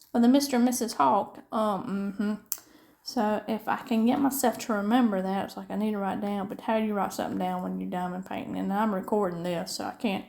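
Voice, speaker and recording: A woman's voice: a little high, gravelly, a little mellow. Rambling Southern woman, chatty crafter. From upstate South Carolina. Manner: chatty, rambling, folksy, many fillers. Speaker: diamond painting vlogger. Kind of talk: rambling casual chat while crafting.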